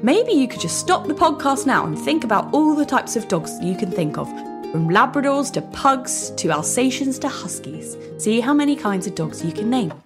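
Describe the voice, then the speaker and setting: Reading an animated script for a kids' podcast, this woman keeps putting questions to her young audience. Her voice sits a little high, at a moderate pace, with music playing underneath.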